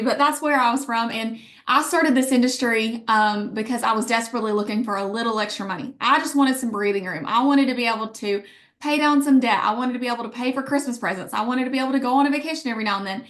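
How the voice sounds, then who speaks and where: Upbeat Alabama woman with a bright pitch. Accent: Southern US, Alabama. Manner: emphatic storytelling, quoting herself and others. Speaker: guest speaker on a business call. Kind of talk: motivational business pitch.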